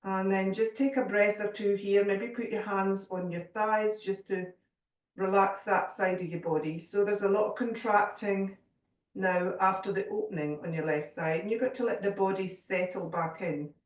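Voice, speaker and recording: A woman guiding a yoga class, giving calm, gentle cues with a little humour. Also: mid-range voice, normal speed, recorded from a distance. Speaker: yoga teacher. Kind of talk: guided yoga class instruction. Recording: echoey room, voice from off mic.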